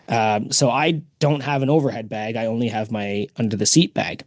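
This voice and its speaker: Speaking a little fast with few pauses, a mid-range-voiced podcast host spins a long story in casual conversation, performing the people he quotes. The recording is dry.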